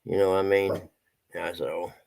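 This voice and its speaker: A man's voice: low voice, flat delivery, normal speed, gravelly, a little mellow, rough recording. A middle-aged man chatting casually on a livestream, folksy and a little out of breath, talking to his pets and viewers.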